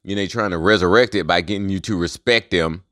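A man's voice: low voice, quick pace, a bit bright, no echo, clean studio sound. A man hosting a solo rant show, talking in a heated, profane and conspiratorial way. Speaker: host.

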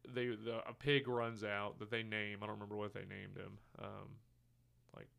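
Bright, clear-voiced man recapping a film. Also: lowish voice, level tone, moderate pace. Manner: rambling recaps with quoted lines and fillers. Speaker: podcast co-host. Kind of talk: casual movie review chat.

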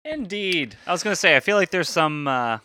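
A man's voice: fairly high pitch, lively intonation, fairly quick, pushed and bright, dry recording. A man co-hosting a podcast, chiming in with short, joking replies. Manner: brief joking interjections. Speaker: podcast co-host. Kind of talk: casual chat.

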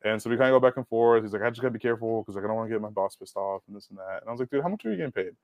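A young adult man, a car detailer guest on a podcast, telling stories in a casual, animated way, swearing and acting out quotes. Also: fairly low pitch, very fast, dry recording, lo-fi sound. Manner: animated storyteller, swears, acts out quotes loudly. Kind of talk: casual storytelling chat.

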